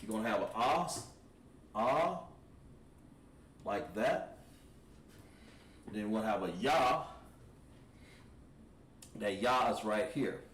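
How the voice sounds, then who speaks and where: Slow, low-voiced man teaching vocabulary. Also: lively intonation, fairly bright tone. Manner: slow, repetitive, patient explanation with frequent throat clearing. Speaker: language teacher. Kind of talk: livestreamed vocabulary lesson. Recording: roomy echo, distant from the mic, faint ambient noise.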